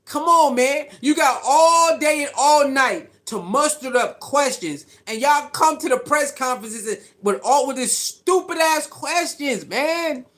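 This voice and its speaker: High, lively ranting man. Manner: ranting, exasperated, mocks critics in put-on voices. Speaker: sports commentary host. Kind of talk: heated solo sports rant.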